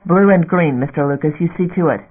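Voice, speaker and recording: A man's voice: fairly high pitch, fairly quick, close to an everyday voice. A male narrator voicing a stern woman fleet captain who gives clipped, threatening commands. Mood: cold. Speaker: warship captain. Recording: narrow phone-like audio.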